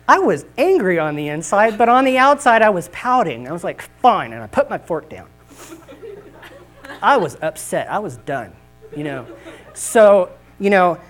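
A man's voice: fairly high pitch, rough recording. A man preaching a sermon with humorous, folksy storytelling at a church service. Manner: animated, jokey, folksy.

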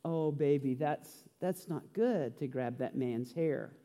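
A male pastor voicing a gentle, loving mother talking softly to her child, in a reverberant hall. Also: a little high, takes it slowly, voice pushed down. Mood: soothing. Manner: soft, tender.

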